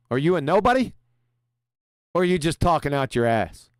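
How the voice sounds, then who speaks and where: A man's voice: high-pitched, big pitch swings, a little fast, long pauses, clean tone, no room sound, studio quality. A man hosting a livestream, mocking his opponent with profanity and reading super chats aloud with frequent laughs. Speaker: livestream host.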